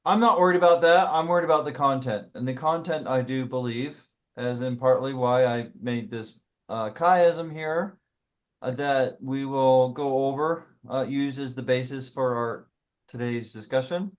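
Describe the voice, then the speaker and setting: A man leading a casual scripture study discussion, explaining in a halting, self-correcting way. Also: mid-range voice.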